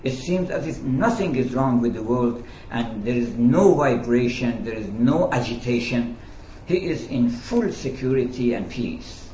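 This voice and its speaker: A man tells teaching stories in a slow, deliberate lecture, pausing and hesitating as he goes. His voice sits in a roomy, echoing space. The recording is dull and lo-fi, with faint noise underneath. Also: mid-range voice, animated, dark tone. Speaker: speaker on Sufism. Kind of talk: storytelling lecture. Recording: echoey, dull lo-fi room recording.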